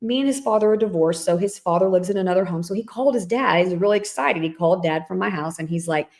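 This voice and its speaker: A middle-aged woman co-hosting a podcast, telling a family story in a casual, animated way and acting out the voices in it. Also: lowish voice, quick pace. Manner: animated storyteller, acts out quoted dialogue. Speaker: podcast co-host.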